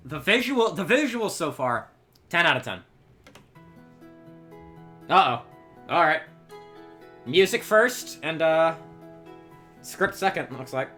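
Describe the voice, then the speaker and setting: A man giving casual reaction commentary, excitable and rambling, trailing off and restarting often. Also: medium pitch. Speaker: reaction video host.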